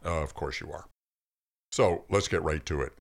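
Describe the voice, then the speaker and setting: A man voicing a gruff, wisecracking male God who talks like a blunt boss, in a comic story reading. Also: extremely low pitch, normal speed, heavily acted. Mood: explaining. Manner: brash, commanding, slangy.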